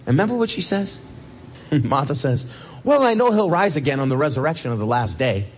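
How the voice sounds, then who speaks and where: A man preaching a sermon as a pastor, animated, with a husky voice. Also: a little high, fairly quick, slight background noise. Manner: animated, swings from loud questions to soft reassurance.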